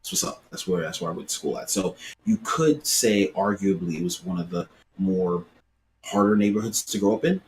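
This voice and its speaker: A man in his late thirties from Brooklyn with a New York accent, chatting casually on a podcast and telling animated street stories. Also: fairly low pitch, fairly quick, gravelly, a little hiss or hum. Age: late 30s. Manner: storytelling, animated, swears casually. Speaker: podcast co-host.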